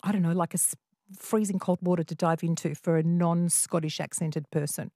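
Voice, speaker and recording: A woman's voice: lowish voice, fairly even intonation, fairly quick, warm tone, no room sound, studio quality. A woman hosting a late-night talk radio show, chatting with callers and guests in a playful, chatty way. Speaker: radio host.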